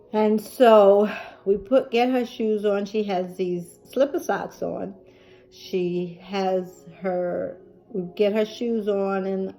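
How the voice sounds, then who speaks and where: A woman's voice: medium pitch, dark tone. A middle-aged woman vlogging about caring for a family member, telling the story in an emotional, chatty way with many fillers. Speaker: caregiver vlogger. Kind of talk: personal storytelling.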